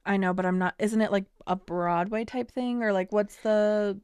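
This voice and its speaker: Smooth-voiced woman guest in casual chat. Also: medium pitch, normal speed, no echo, clean studio sound. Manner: lively, loose, full of "like" fillers. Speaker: podcast guest, thrift shop worker.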